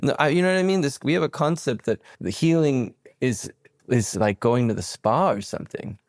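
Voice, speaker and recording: A man in his forties from Venezuela, a podcast guest telling a reflective story in a rambling way, full of restarts and stammered repeats, jumping into animated quoted voices. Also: fairly quick, no echo, clean studio sound. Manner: slips into animated quoted voices and sudden high pitch leaps.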